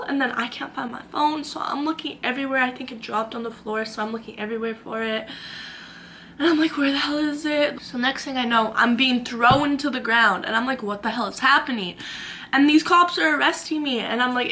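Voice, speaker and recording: A young woman tells a story to her camera in her room, chatty and dramatic, acting out what everyone said. Her voice sits high and bright. Faint noise runs under the recording. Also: brisk. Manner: chatty and dramatic, acts out quotes. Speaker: vlogger. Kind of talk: storytime vlog.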